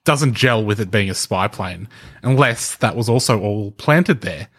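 A man's voice: fairly low pitch, animated, a little slow, fairly bright tone. A man explaining things in casual podcast chat. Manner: explanatory, thinking aloud with frequent restarts and light laughter. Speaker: podcast co-host presenting the research.

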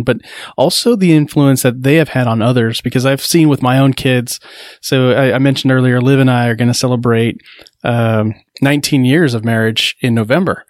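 A man in his forties hosts a podcast, telling stories in a chatty, joking manner during casual conversation. His mid-range voice comes through in clean studio sound with no room ambience.

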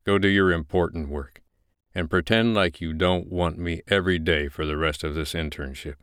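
A man playing a domineering, possessive male boss who speaks in a commanding, deliberate way. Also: low voice, fairly bright tone, clear, resonant tone, dry recording, clean studio sound. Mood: cold.

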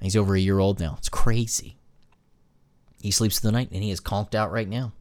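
A new father hosts a casual podcast monologue, spinning animated, jokey stories in a lowish, brisk voice with no echo.

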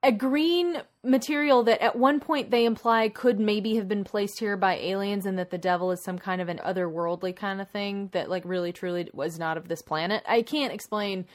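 A woman's voice: medium pitch, moderate pace, hardly any pauses. Woman rambling through a movie plot. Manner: rambling, animated plot retelling with many asides. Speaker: podcast co-host. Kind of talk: casual chat.

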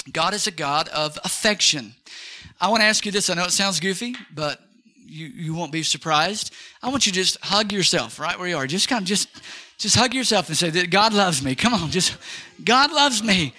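A male pastor preaching an energetic sermon, leading the congregation in call-and-response. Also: fairly high pitch.

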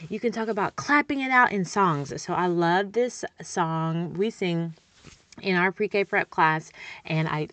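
A woman's voice: medium pitch, a bit bright. A woman, a speech-language pathologist coaching parents in an upbeat, chatty way. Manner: upbeat, chatty, encouraging, checks in with "okay?".

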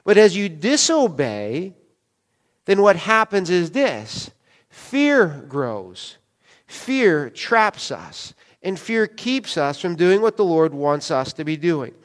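A man preaching a sermon as pastor, in a casual, conversational way, acting out quoted dialogue as he goes. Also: high voice. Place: church sanctuary. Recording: long church hall reverb.

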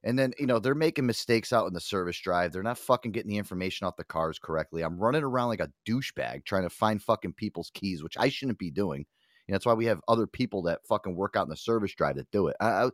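A middle-aged man with a low voice that swings widely as he tells a story, cursing constantly and acting out what everyone said. The recording is close and dry, with no room sound. He talks the way a podcast co-host does among friends. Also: quick pace, no room sound. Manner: profane, animated storytelling with acted-out quotes. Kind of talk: casual podcast chat.

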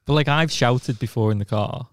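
A man's voice: medium pitch, normal speed, clear, resonant tone, no room sound. Guy with an average voice, nervous self-deprecating rambling, lots of restarts, dry mic. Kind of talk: casual chat.

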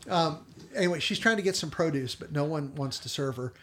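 A man co-hosting a podcast, animatedly retelling a TV episode and quoting the characters in quick little voices. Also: on the high side, slight background noise. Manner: animated storyteller, quotes characters in brief voices, laughs often. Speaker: podcast co-host.

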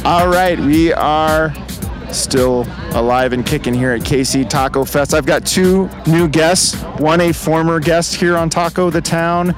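A chatty, upbeat man interviewing guests for his show at an outdoor festival. His voice sits fairly high for a man, with clear music playing behind him. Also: steady tone, a little slow. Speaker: podcast host. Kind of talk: casual interview.

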